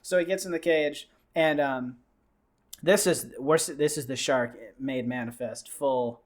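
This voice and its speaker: A man on a podcast, excitedly retelling a film scene by scene, with lots of fillers and restarts. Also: mid-range voice, measured pace. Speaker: podcast host. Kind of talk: casual podcast chat.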